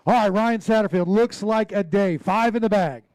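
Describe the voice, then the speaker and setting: A high-pitched man emcees a fishing weigh-in on an outdoor stage, hyping the crowd with loud call-outs and quick jokes. His voice is dry and close on a handheld mic. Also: no echo. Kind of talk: live tournament emcee.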